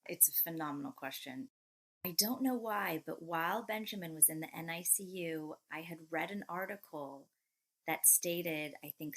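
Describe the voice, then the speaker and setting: Reflective woman with a lowish voice. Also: fairly bright tone, poor audio. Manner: reflective, measured, pauses to rephrase. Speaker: guest, mother of three. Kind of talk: heartfelt interview conversation.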